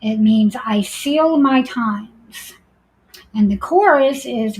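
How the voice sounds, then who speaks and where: A woman co-hosting a casual pop-culture podcast, speaking in a measured way as she goes through her notes. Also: fairly high pitch, darkish tone, low-quality recording. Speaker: podcast co-host. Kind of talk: casual chat.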